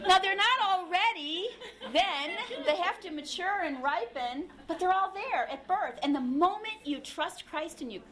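High-voiced woman preaching with humor. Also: lively intonation, unhurried, fairly bright tone, a faint crowd. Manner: conversational and humorous, acting out little quotes. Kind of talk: sermon.

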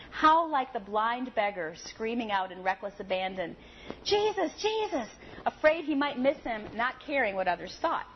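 A woman preaching a sermon and reading a story aloud with expressive, lively storytelling. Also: fairly high pitch, slight background noise. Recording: slightly dull audio with faint ambience.

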